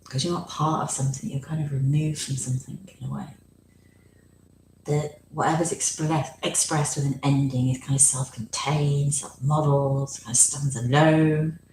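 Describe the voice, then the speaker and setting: A woman with a notably low voice speaks thoughtfully, pausing to find her words. The room is echoey, and a faint hiss sits behind her. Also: fairly even intonation, darkish tone. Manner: reflective, searches for words with ums. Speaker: podcast co-host. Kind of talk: casual conversation. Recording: roomy echo with faint noise.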